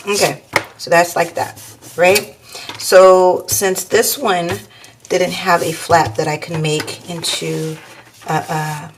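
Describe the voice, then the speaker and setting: A woman's voice: lowish voice, little pitch movement, takes it slowly, a little hiss or hum. A woman hosting a craft tutorial, chatting casually and thinking aloud as she works, calling her viewers y'all. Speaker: crafting channel host.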